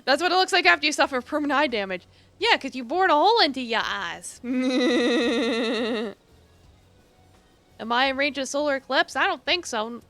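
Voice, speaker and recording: A woman's voice: high-pitched, animated, normal speed, fairly bright tone, no room sound, soft background music. A woman streaming a game, reading its dialogue aloud and adding casual, swearing asides.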